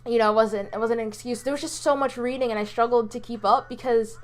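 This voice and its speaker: A woman's voice: a little high, fairly even intonation, fast talker. A college-aged woman telling stories from her day in a casual vlog, rambling with lots of ums, restarts and little laughs. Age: about 20, college student. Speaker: vlogger.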